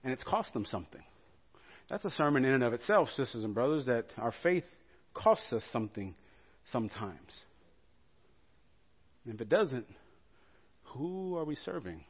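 A man preaching a sermon as pastor, telling the story with animated rhetorical questions to the congregation. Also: mid-range voice, moderate pace, pauses often, breathy edge, muffled recording.

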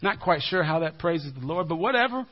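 A male pastor giving a sermon in a conversational way, dropping to a hushed low voice for emphasis. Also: expressive, a little fast, slightly rough. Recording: dull lo-fi recording.

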